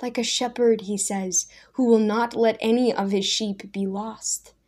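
A woman voicing a calm, humble man of faith. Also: on the high side. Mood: calm, steady. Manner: slow, steady, quiet conviction. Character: calm, humble, steady-voiced poor man.

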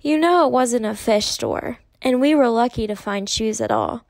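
Woman playing a patient mother, soothing, fairly high, dry. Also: normal speed, vocal fry, no room sound.

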